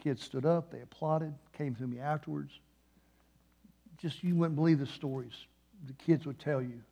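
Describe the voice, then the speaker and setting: A man preaching a sermon in a church, moving between hushed, slow passages and loud, passionate peaks. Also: fairly high pitch, steady tone, creaky. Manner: impassioned, swings from hushed to loud. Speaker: guest preacher.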